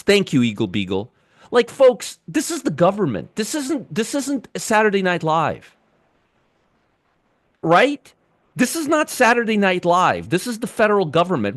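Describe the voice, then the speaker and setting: A man's voice: high voice, huge pitch swings, unhurried, dry recording, studio quality. A man in his fifties hosting a livestream market commentary, ranting with sarcasm and exasperation.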